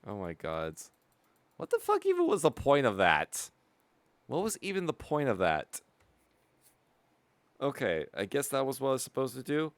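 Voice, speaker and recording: A man's voice: mid-range voice, wildly swooping pitch, moderate pace, pauses often, no echo. A man streaming a video game live, commenting playfully, swearing now and then and greeting chat.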